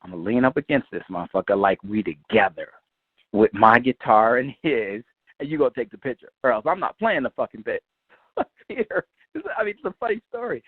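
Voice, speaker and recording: Lively man telling a studio story. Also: medium pitch, brisk, breathy edge, dry recording, narrow, tinny audio. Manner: lively, swears freely, acts out quoted voices. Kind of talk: animated storytelling.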